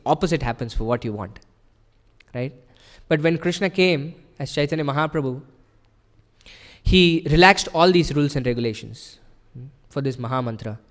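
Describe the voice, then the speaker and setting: Earnest man, devotional sermon, slightly high voice, long reverb of a temple hall. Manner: earnest, explanatory, with frequent rhetorical "right?". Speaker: temple speaker.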